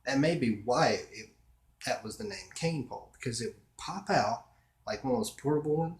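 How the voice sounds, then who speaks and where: A man's voice: medium pitch, expressive, normal speed. Rambling man in an echoey room. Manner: meandering, with many fillers and restarts. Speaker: vlogger. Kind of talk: casual rambling chat. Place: his own room. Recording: roomy echo.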